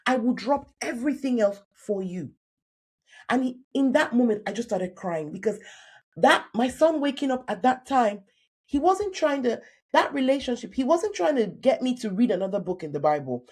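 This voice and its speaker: A Nigerian-born woman in her thirties, a career coach telling a personal story in a podcast interview, animated and acting out the voices she quotes. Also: fairly high pitch, moderate pace, breathy edge.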